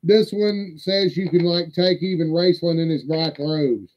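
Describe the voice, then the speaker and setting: Guy hosting a stream, kinda high voice, cusses a lot, rambles, muffled lo-fi audio. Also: measured pace. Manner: folksy, profane, rambling. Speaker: livestream host. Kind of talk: casual livestream show-and-tell.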